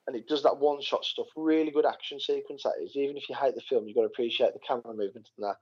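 A man's voice: mid-range voice, rapid-fire, breathy edge, dull audio. A man co-hosting a casual podcast, telling a story in a rambling way with lots of fillers and restarts. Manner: rambling, animated retelling with many fillers and restarts. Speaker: podcast co-host. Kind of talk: casual chat.

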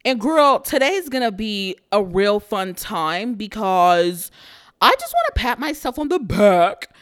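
A young woman runs her own podcast in a brash, playful monologue. She swears freely and laughs a lot as she talks. Her voice sits at an ordinary middle pitch. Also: very animated, a little slow, clear, resonant tone. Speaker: podcast host. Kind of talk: casual solo podcast monologue.

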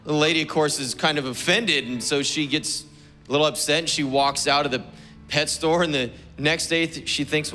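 A man preaching a Sunday sermon to his church, relaxed and joking with the congregation. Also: on the high side, moderate pace, soft background music. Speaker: pastor. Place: church service.

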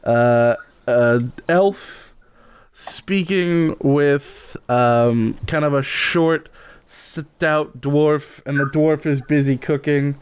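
A man narrating as game master of a tabletop game, slow and halting with lots of pauses. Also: fairly high pitch, smooth. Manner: slow, full of filler pauses, laughs easily.

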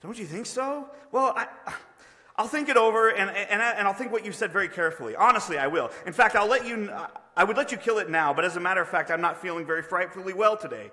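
A preacher putting on a panicky, whining ghost. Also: male voice, high-pitched, fast, bright, forceful tone, pitched above the performer's own voice. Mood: pleading. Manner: whiny, panicky pleading, raised and strained. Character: frightened, pleading male ghost clinging to his sin. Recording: long reverb of a large hall.

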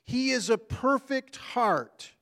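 A man's voice: very high-pitched, expressive, slow pace, fairly bright tone. A man preaching a sermon, earnest and emphatic, repeating his key phrases for weight. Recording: long hall reverb.

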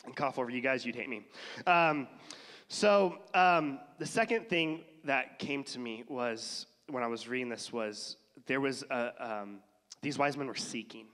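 A man preaching in a relaxed, conversational way, often slipping into voices to act out people's thoughts. He has a lingering cough, and his voice rings with a long reverb in a large hall. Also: mid-range voice, a little slow. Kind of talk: casual sermon.

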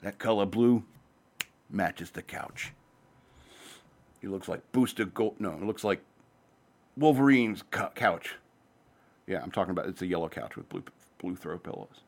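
A man's voice: low voice, lively intonation. A man hosting his own show, talking in a loose, rambling, profane monologue that jumps between topics. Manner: says he talks fast. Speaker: podcast host.

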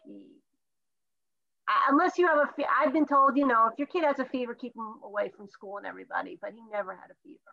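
A woman's voice: fairly high pitch, gravelly, a bit bright, dull audio. A woman co-hosting a podcast over a video call, stuffy-nosed and tired, telling a story chattily with many restarts. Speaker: podcast co-host.

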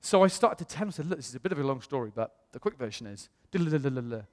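British male pastor, higher-pitched voice, animated storytelling sermon, long hall reverb. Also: rapid-fire. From England. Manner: animated, acts out quoted voices.

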